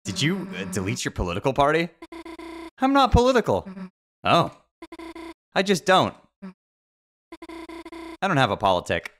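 A man casually reading AI-written game dialogue aloud and reacting, laughing often and swinging between deadpan reading and loud outbursts. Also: mid-range voice, moderate pace, pauses often.

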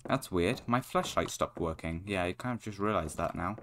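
A young man giving foul-mouthed, excitable commentary while playing a horror game, yelling at what scares him. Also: low voice, normal speed, a little hiss or hum. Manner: swearing, excitable, shouting at the game. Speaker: gaming YouTuber.

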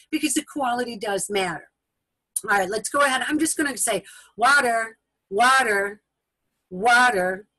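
A woman giving a patient step-by-step software tutorial over a video call, often repeating steps and checking in with her listeners. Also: mid-range voice, slightly rough, no echo, poor audio. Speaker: instructor. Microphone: video call recording.

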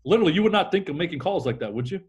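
Man, middle-aged, sales trainer, slightly high voice, energetic, acts out calls. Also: racing. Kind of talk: podcast interview.

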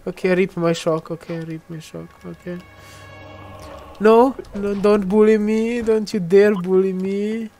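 A woman's voice: medium pitch, flat delivery, measured pace, dark tone, soft background music. A young woman giving casual, chatty gameplay commentary, often giggling and teasing other players. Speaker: gamer.

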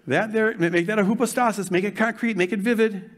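An older man preaching a sermon, moving from fervent shouting to hushed guided imagining. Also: high-pitched, steady tone, fast talker. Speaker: pastor.

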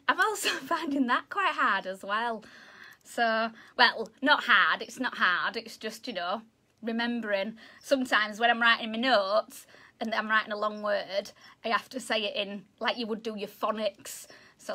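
With a mid-range voice that sounds pushed and bright, this Yorkshire woman leads an online lesson for kids as a zoo educator. She's bubbly and talkative, frequently making self-deprecating jokes.

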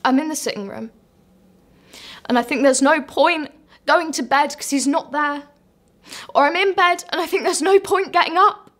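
A woman's voice: high voice, fairly bright tone. A grieving woman. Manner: halting, emotional, rising to raw outbursts. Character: grieving woman, raw with loss and rage. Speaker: actress. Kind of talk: dramatic monologue.

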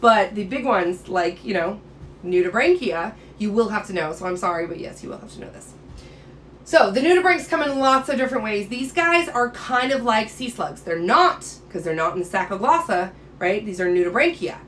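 A woman's voice: mid-range voice, very animated, normal speed, a bit bright, slight background noise. Upbeat woman teaching biology. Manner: enthusiastic, chatty, playful. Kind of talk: casual classroom lecture.

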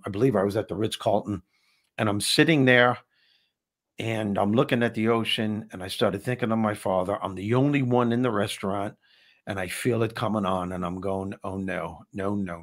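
A man hosting a talk show, telling a personal story in a lively way with frequent restarts. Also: lowish voice. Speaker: host. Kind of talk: casual storytelling chat.

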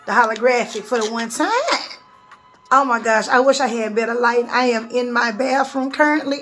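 High-voiced woman gushing over a haul. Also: a bit bright. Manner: chatty, gushing, keeps addressing viewers as y'all. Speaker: beauty vlogger reviewing a nail haul. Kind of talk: casual haul video chat. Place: home bathroom vanity, seated.

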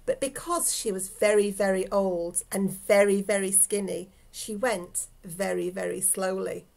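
A woman, a teacher reading a story aloud to children, with gentle asides to her dog. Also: medium pitch, fairly even intonation, measured pace, gravelly.

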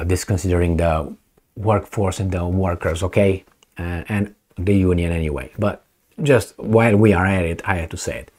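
A man, not a native English speaker, hosting his own channel in an opinionated monologue, ranting with many fillers and restarts. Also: on the low side. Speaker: commentary channel host.

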